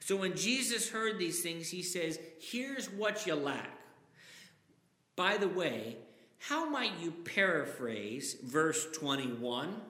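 A man's voice: a little high, very animated, takes it slowly, bright, forceful tone. A man preaching a sermon, reading scripture aloud with dramatic emphasis. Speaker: pastor. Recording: echoey hall with long reverb.

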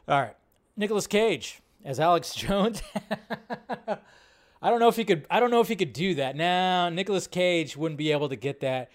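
A man's voice: high voice, expressive, moderate pace. A man hosting a live online film show, casual, rambling and profane, with lots of fillers. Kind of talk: casual live-stream commentary.

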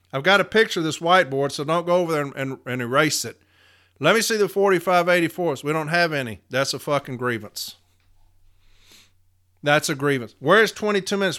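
A man's voice: a little high, pushed and bright. A middle-aged man, a union shop steward, reading workplace data aloud and ranting bluntly with heated, swearing emphasis. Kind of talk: podcast rant, reading and commenting.

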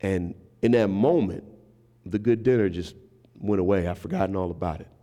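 A man delivers a sermon as a guest preacher, his voice low and mellow. He preaches in a relaxed storytelling way, speaking straight to the congregation. The sound carries a long reverb, as in a large church sanctuary. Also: moderate pace. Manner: conversational storytelling, acting out quoted voices; engages the congregation with asides. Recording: reverberant hall.

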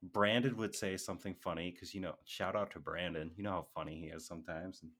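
A young man co-hosting a casual podcast, his voice sitting a bit low. He tells school stories in a loose, chatty way, full of fillers and laughter. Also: fairly even intonation, fast talker, fairly bright tone. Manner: laughs often, storytelling with many "like" fillers. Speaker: podcast co-host and music teacher. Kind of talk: casual chat.

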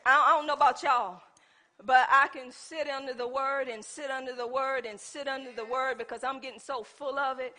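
Woman preacher, very high and sharp voice, swings from shouts to soft asides in church. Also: steady tone, moderate pace. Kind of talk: sermon.

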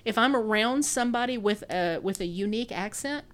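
A woman's voice: a little high, animated, fairly quick, a bit bright. A woman in her thirties with a Texan accent, chatting casually as a podcast co-host, rambling and laughing often. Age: 30s. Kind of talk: casual chat.

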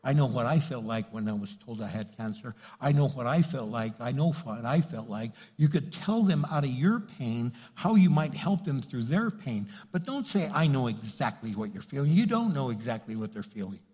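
A man's voice: medium pitch, lively intonation, normal speed, hardly any pauses, warm tone, slightly rough. A pastor giving an earnest sermon, speaking directly to his congregation and repeating his points for emphasis. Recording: long hall reverb.

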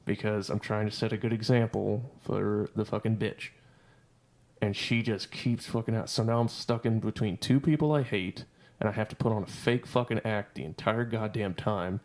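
A man's voice: on the low side, fairly even intonation, moderate pace, darkish tone. A man telling a heated army story on a podcast, swearing constantly and ranting. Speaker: podcast guest. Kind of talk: casual storytelling.

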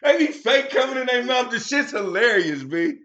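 A man co-hosting a casual podcast, telling profane stories in an animated way with frequent laughter, on dull lo-fi audio. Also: very high voice, moderate pace. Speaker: podcast co-host. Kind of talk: casual comedic chat.

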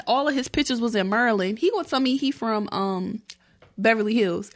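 A woman's voice: fairly high pitch, a little fast. A young woman, co-hosting a casual chat and acting out the lines of people in her story. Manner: animated storyteller, acts out dialogue. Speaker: podcast co-host.

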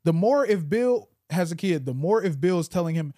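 A young man co-hosting a podcast, chatting loosely and profanely and telling animated stories. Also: sits high, moderate pace, no room sound, studio quality. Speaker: podcast co-host. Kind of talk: casual chat.

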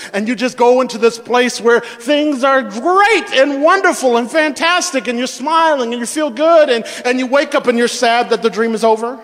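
A man's voice: extremely high pitch, fairly bright tone, in a large hall. A male pastor preaching a sermon, asking the congregation questions and repeating words as he builds each point.

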